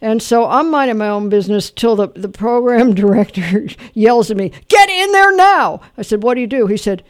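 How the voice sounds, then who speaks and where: A man's voice: high-pitched, brisk, darkish tone, no echo. Older male radio host, chatty quiz-master, close dry studio mic. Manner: chatty, laughing storyteller, quizzing callers. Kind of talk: call-in oldies quiz show. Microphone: studio microphone.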